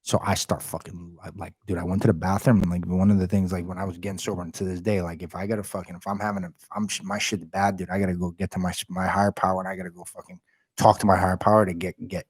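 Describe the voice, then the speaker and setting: Man, podcast guest, husky lowish voice, loud and cussing, bro-and-dude slang, dry close sound. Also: little pitch movement, quick pace, no room sound. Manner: loud, heavily profane, fired-up storytelling. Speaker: podcast guest, realty company head. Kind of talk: casual storytelling chat.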